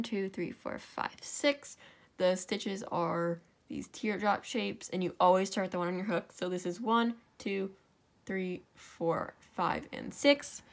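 A young woman at home giving a casual, step-by-step craft tutorial, chatty and correcting herself as she works. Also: mid-range voice. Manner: chatty, self-correcting, talks while working. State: out of breath.

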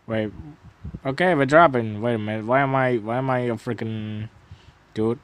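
A young man doing a casual voice-over of his gameplay, swearing, laughing and shouting in disbelief between low, mumbled asides. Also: normal speed, smooth, no echo. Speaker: gameplay commentator.

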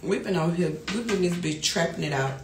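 A middle-aged woman talking casually on a livestream, loud and animated, laughing often. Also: on the low side, a little fast, noisy background. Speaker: livestream host. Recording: echoey room with music behind.

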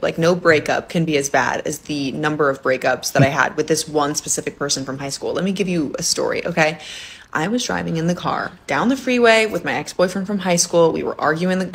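A young woman tells a personal story straight to camera, chatty and dramatic, with frequent likes. Her voice is somewhat husky and lower than most women's.

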